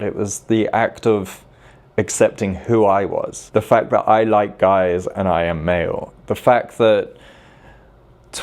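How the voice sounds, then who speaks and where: A man in his late thirties tells his own story straight to camera in a rather low voice. He speaks in a confessional way and leans on repeated words for emphasis. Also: darkish tone. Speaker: vlogger.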